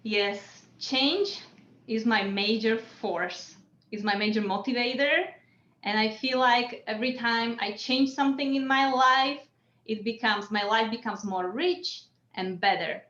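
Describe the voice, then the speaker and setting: A woman's voice: a little high, unhurried, fairly bright tone. Woman answering in an echoey lo-fi room. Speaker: speech contest contestant. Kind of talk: interview answers.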